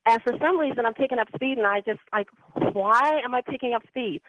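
A woman's voice: on the high side, brisk, no room sound. A woman calling in to a radio show, telling a personal story in a chatty, rambling way. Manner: chatty, rambling with many ums and anyways. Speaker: caller. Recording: dry tinny phone line.

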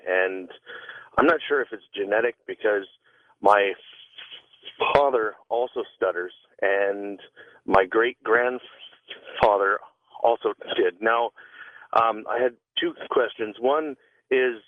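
A man calls in to a radio show. He stutters and hesitates, leaving many "um" and "uh" fillers, and he talks slowly. He comes through a tinny, dry phone line. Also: on the low side, no echo. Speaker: caller.

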